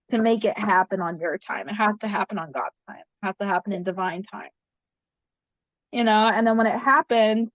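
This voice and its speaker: With a medium-pitched voice, a female interview guest tells of a spiritual experience in earnest, often repeating phrases for emphasis. There's no echo, and the audio comes across dry and a little muffled.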